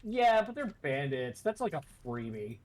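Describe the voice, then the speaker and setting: A man's voice: fairly high pitch, very animated, moderate pace, very noisy. A man on a gaming stream, laid-back and joking, swearing as he guides his co-player. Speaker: VTuber co-player. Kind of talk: casual game-stream banter.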